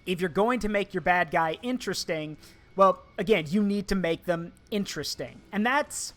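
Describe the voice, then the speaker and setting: Rambling gamer host, mid pitch. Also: normal speed, a bit bright. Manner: rambling, repeats points, talks about game villains at length. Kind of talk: casual gaming chat.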